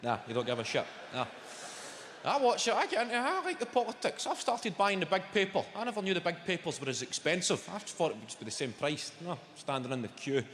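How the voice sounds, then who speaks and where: A Glaswegian man doing a stand-up comedy set, bantering with the crowd in a loud, swearing manner. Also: sits high, very animated, fast, a little hiss or hum. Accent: Scottish, Glaswegian. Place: large theatre stage with audience. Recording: roomy hall reverb over loud audience.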